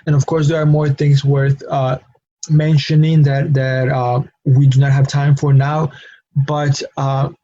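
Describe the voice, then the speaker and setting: A man teaches pronunciation rules, pausing often with fillers and repeating each example word. His voice is mellow and husky and stays flat in pitch. The recording sounds dull and lo-fi. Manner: slow, hesitant with many fillers, repeats example words. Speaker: Spanish teacher.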